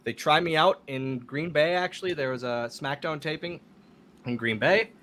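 A man guest on a podcast, telling casual stories in an animated way. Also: a little high, normal speed. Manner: animated, laughing storyteller. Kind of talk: casual storytelling.

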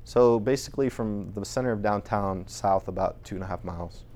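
Speaking briskly in a fairly low, darkish-toned voice, a man presents a casual talk on voice recording to a small audience. He keeps it chatty and conversational, often restarting his sentences.

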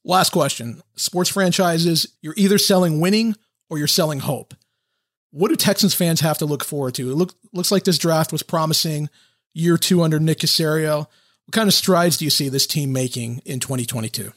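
A man hosting a sports podcast, asking questions in a measured, conversational way. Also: fairly high pitch, fairly bright tone, no room sound, studio quality. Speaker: podcast host. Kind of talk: podcast interview.

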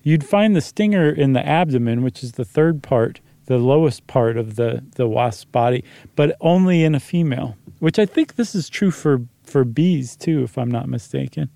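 Mellow-voiced man chatting casually. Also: mid-range voice, lively intonation, normal speed, gravelly, no echo. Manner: easygoing, rambling, many fillers. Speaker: podcast co-host. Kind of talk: casual chat.

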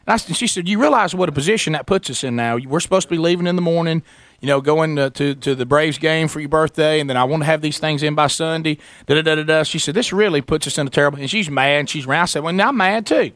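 A man telling a long animated story on a radio show, acting out the voices of the people in it. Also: a little high, fast talker, dry recording.

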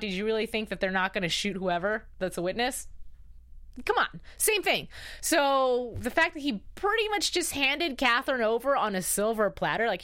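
A woman chatting through a TV episode recap in a casual, emphatic way. Her voice sits a little high and swings widely in pitch, so she sounds lively and expressive as she reacts openly to each twist. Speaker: TV show recap host. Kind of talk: casual live recap chat.

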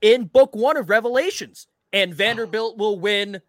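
A man's voice: high-pitched, normal speed, fairly bright tone, no echo, clean studio sound. A man co-hosting a sports podcast in casual chat, joking and swearing freely. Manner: profane, joking banter. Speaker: podcast co-host.

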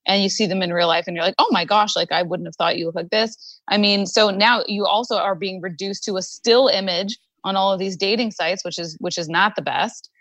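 A woman's voice: mid-range voice, steady tone, fairly quick, fairly bright tone, no room sound, rough recording. A woman co-hosting a podcast, speaking casually and thoughtfully with fillers. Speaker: podcast co-host. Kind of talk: casual chat.

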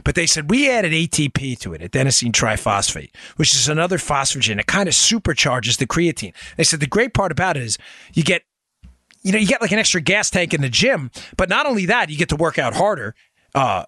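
A man hosting a political podcast, talking in an animated, sarcastic and wisecracking way and mocking other people's voices. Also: fairly high pitch, no room sound, studio quality.

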